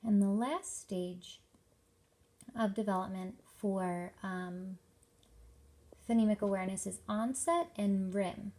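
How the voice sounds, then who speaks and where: A young woman teacher giving a workshop presentation to parents, explaining slowly and carefully with lots of examples. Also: medium pitch, mellow. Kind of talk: instructional presentation.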